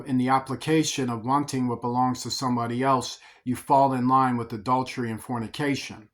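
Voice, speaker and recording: A man's voice: medium pitch, fairly bright tone. A man preaching an informal sermon on the commandments, explaining them conversationally with frequent restarts. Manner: conversational, repeats words when restarting. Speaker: preacher teaching scripture.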